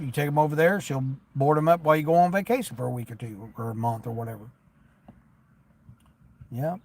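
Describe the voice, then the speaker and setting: A man's voice: medium pitch, creaky, a little mellow. A man streaming live while doing delivery driving, chatting in a rambling, folksy way and turning down orders aloud. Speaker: delivery driver livestreamer.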